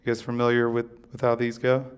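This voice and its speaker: A man's voice: mid-range voice, monotone, fast, clear, resonant tone. A man doing stand-up in a dry conversational way, teasing the crowd between jokes. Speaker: stand-up comic. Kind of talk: stand-up set. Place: comedy club stage.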